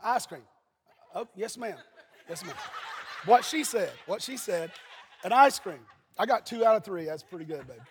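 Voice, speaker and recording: A pastor from Eastern Kentucky preaching a sermon, telling folksy stories and breaking into shouts. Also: male voice, sits high, lively intonation, moderate pace, long pauses, slight background noise. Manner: folksy storytelling, bursts into shouting. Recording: husky voice in a long-reverb hall.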